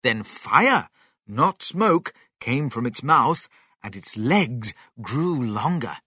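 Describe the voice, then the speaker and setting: A man reading a children's story aloud with slow, expressive narration. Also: medium pitch, breathy edge, no room sound, studio quality.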